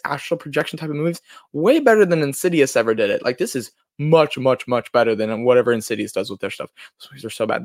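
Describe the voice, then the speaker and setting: A man giving a casual, rambling film review, excited and full of restarts and self-corrections. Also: on the high side, no echo, studio quality. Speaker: movie reviewer.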